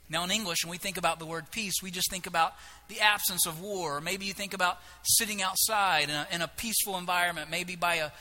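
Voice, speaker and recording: A man preaching a sermon, animated and humorous, acting out biblical characters in quick asides. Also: high voice. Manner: animated, acts out voices of biblical figures with humor. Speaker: pastor.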